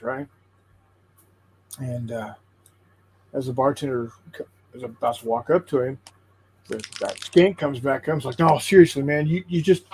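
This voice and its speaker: A man on a tabletop gaming stream telling a long joke in casual chat, halting and repeating his words as he goes. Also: mid-range voice, a little mellow, a little hiss or hum, low-quality recording. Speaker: co-host of a tabletop painting stream.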